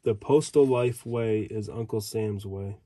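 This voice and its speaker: A man with a mellow, warm voice reads old advertisement headlines aloud in short bits. He drops casual asides between them, like someone leafing through pages at home. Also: fairly low pitch, measured pace. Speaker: reseller flipping through old magazine ads. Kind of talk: casual commentary reading old ads aloud.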